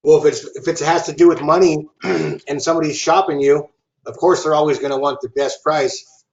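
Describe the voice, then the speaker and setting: A man with a slightly raised pitch speaking casually from off-mic, keeping his answers short and agreeable. His voice comes through dull and muffled, with a roomy echo behind it. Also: steady tone, a little fast, creaky. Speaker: trainee at a car service shop.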